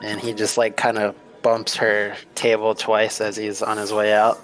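A man describing his character's actions in a tabletop game, easygoing and low-key. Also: monotone, moderate pace, a bit bright, faint music behind, rough recording. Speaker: player.

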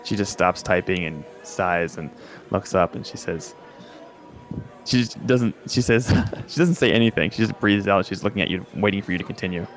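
A man narrating as game master on a voice call, relaxed and rambling, with many fillers. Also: low voice, moderate pace, faint music behind. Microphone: headset or desk mic on a voice call.

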